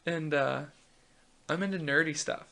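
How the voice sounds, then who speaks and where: A man's voice: fairly high pitch, measured pace, vocal fry. A man in his twenties hosting a casual chat, rambling with lots of fillers and restarts and telling stories with animation. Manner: chatty, many fillers and restarts, animated storytelling. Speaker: host.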